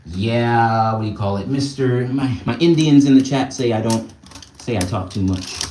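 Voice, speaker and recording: A man's voice: mid-range voice, moderate pace, warm tone, reverberant, recorded from a distance, a little hiss or hum. A young man hosting a casual live stream, bantering with his chat, reading their comments aloud and laughing often. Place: indoors at home, small room.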